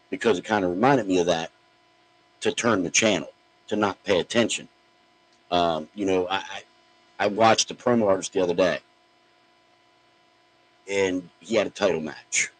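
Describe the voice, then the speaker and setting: A man with a very deep, husky voice rants on his podcast, blunt and profane. His delivery swings up and down with lively pitch as he mocks his targets. The tone stays gruff and opinionated. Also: poor audio. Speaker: podcast host.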